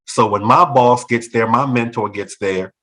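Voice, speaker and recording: A man's voice: medium pitch, normal speed, poor audio. A man and former school principal telling a personal story in a talk show conversation, acting out other people's lines as he goes. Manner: animated, acts out other people's voices in quotes.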